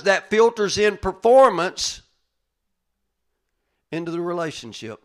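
Older man, drawl, pastor, folksy conversational sermon, loud rises and hushed asides. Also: sits high, expressive, a little slow. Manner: folksy, speaks to listeners by name, voice swings from loud rises to quiet asides.

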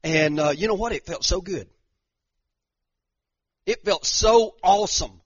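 A man's voice: high voice, unhurried, long pauses, no echo, lo-fi sound. A man preaching a sermon as pastor, impassioned, repeating phrases and restarting lines.

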